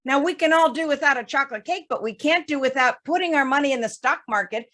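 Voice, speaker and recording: A woman financial advisor giving a webinar talk, explaining investing with lively stories and everyday examples. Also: high-pitched, fast talker. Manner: animated storytelling with folksy examples.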